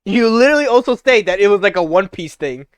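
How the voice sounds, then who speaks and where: A man's voice: sits high, animated, quick pace, clean tone, dry recording. A man casually reading visual novel dialogue aloud on a live stream, chatting and laughing between lines.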